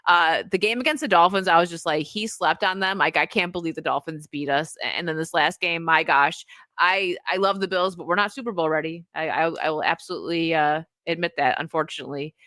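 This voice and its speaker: Bright, giggly American woman. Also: low voice, fairly quick, no echo, studio quality. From USA. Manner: giggly, chatty. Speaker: podcast host. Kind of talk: casual chat, reading out member messages.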